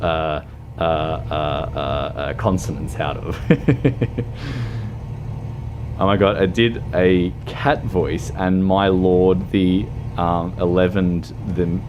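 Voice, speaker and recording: This Australian streamer has a deep voice and a steady tone, and he takes it slowly over lo-fi sound and a noisy background. Streaming from home, he chats casually while playing a truck-driving game, rambling, mocking himself, laughing and using plenty of fillers.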